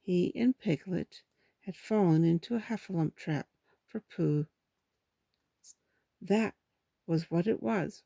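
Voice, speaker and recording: A woman reading a children's storybook aloud in a steady, gentle way, with small slips. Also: fairly low pitch, takes it slowly, creaky, pauses often, no echo.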